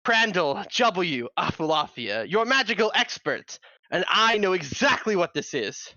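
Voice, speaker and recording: A man's voice: sits high, very animated, unhurried, pushed and bright, dull audio, full character voice. A man putting on a pompous antique wizard. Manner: grandiose, theatrical, addresses others as good sir. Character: pompous old-fashioned male wizard from the distant past.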